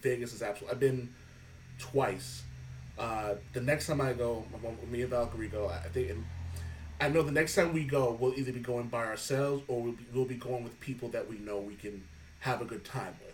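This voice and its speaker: A man's voice: mid-range voice, moderate pace, far from the mic, slight background noise, low-quality recording. A man hosting a podcast, telling stories in casual chat, swearing freely and laughing often. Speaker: podcast host.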